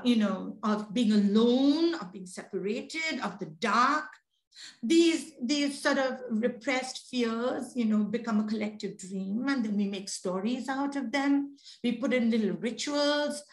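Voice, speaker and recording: A woman's voice: a little high, reverberant, poor audio. A woman lecturing on literature, chatty and conversational with many fillers.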